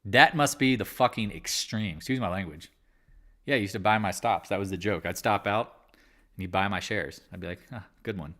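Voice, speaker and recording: A man's voice: lowish voice, normal speed, sharp tone. A man hosting a live market chat, talking candidly and rambling, with casual swearing. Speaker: livestream trading host.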